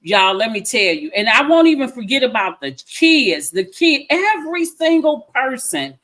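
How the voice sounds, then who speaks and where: A woman's voice: high voice, very animated, normal speed, fairly bright tone. A woman, chatting effusively as a filmmaker guest and repeating herself for emphasis. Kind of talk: casual interview chat.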